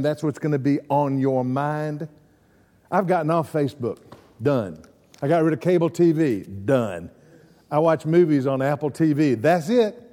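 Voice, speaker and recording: A man's voice: fairly high pitch, warm tone, big-room sound. A man preaching a folksy sermon, telling stories and asking the congregation questions. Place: church.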